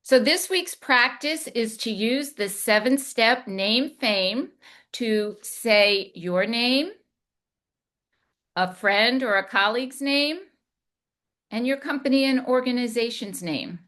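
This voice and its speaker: A woman communication coach giving a deliberate instructional talk, demonstrating inflection as she goes. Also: a little high, a bit bright.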